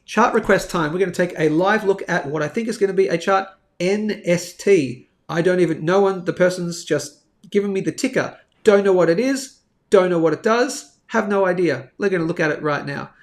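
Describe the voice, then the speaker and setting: A man's voice: high voice, moderate pace. A man hosting a live stream on market charts, chatty and thinking aloud with many fillers. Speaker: host of a live bullion market show.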